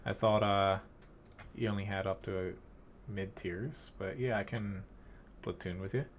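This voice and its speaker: A man's voice: on the low side, fairly even intonation, unhurried, slight background noise. A man casually commentating his own live gameplay and chatting to viewers, thinking aloud with fillers and short chuckles. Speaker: game streamer.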